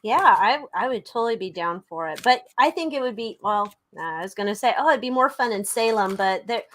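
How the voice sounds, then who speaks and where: A woman's voice: mid-range voice, animated, fairly quick, fairly bright tone, slight background noise. A woman co-hosting a live tarot stream, chatting playfully and greeting viewers in a sing-song way. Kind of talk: casual chat.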